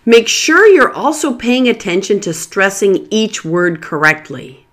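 A pronunciation teacher reading a scripted lesson, enunciating single words slowly and carefully. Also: medium pitch, very animated, a bit bright.

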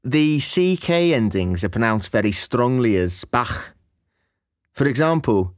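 A man's voice: medium pitch, expressive, a little slow, dry recording, studio quality. A man from Liverpool with a Scouse accent, reading a scripted explainer about his accent and speaking the example phrases. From Liverpool, England. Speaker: accent presenter.

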